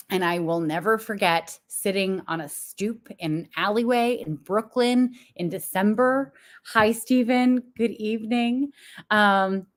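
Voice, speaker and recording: A young adult woman, a business coach, talking frankly and confessionally to viewers with frequent laughs. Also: mid-range voice. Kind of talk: candid motivational talk to viewers.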